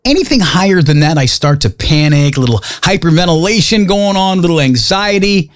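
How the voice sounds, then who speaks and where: A man's voice: fairly high pitch, expressive, fairly quick. A male radio DJ from Mississippi, chatting in a jokey, self-mocking way during upbeat radio banter. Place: radio studio.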